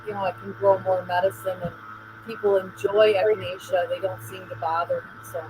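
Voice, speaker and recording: Female guest caller, earnest and explaining, clear mains hum under her voice. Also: mid-range voice, level tone, fairly quick. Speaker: chat guest. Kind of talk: casual chat. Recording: mains hum on a home mic.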